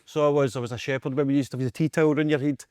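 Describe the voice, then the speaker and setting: A man with a Scottish accent, a guest performer telling animated, self-mocking stories with laughter in a casual chat. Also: mid-range voice, rapid-fire, clean tone, no echo, studio quality. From Scotland.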